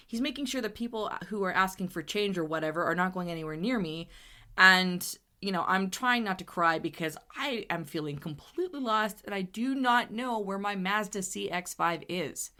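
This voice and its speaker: A woman podcast host telling a funny personal story in a chatty, animated way, laughing often as she goes. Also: mid-range voice. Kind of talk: storytelling monologue.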